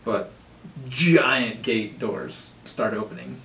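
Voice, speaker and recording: A man narrating as game master, loose and unhurried, stopping often for fillers as he describes the scene. He sits away from the mic in an echoey room, with a faint hiss behind him. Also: mid-range voice, creaky, distant mic. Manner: relaxed, many fillers.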